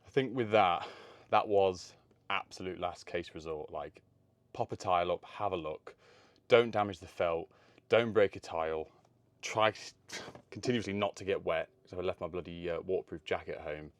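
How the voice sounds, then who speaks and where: On a rainy day, a man films himself with a phone camera while doing electrical work on a roof and in a loft, talking through the job in a chatty, think-aloud vlog. He's out of breath at times and speaks in a low-pitched voice at normal speed, recorded dry.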